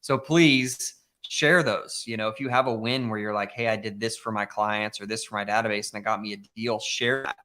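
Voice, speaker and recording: A man's voice: lowish voice, steady tone, normal speed, hardly any pauses, bright, forceful tone. A man co-hosting a live real estate talk show in a loose, conversational way, full of "you know" asides. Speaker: real estate podcast co-host. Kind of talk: casual business chat.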